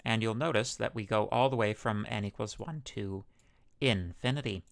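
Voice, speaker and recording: A man's voice: fairly low pitch, moderate pace. A man lecturing a university class, conversational and loose, with fillers, self-corrections and the odd joke. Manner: jokes about his own smooth radio-like tone. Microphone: microphone.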